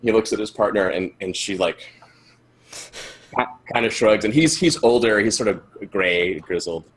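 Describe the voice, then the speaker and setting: A man narrating a tabletop game as game master, in loose, halting speech full of restarts. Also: lowish voice, slightly rough.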